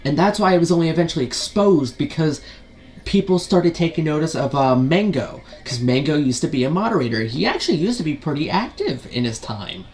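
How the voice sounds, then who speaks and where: A man's voice: fairly high pitch, sing-song, brisk, a little mellow. Profane, ranting gaming commentator man. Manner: rhetorical questions and repeated fillers.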